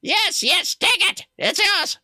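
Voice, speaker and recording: A man voicing an excitable old toymaker in a deliberately bad German accent, with a strained, sore throat. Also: no room sound, studio quality, exaggerated voice. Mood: excited. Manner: high, strained, shouting.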